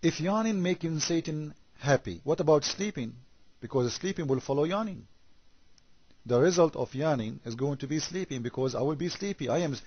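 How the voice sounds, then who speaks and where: A man giving a sarcastic critical commentary monologue, firing off rhetorical questions and stumbling into halting repetitions. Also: medium pitch, muffled recording, slight background noise.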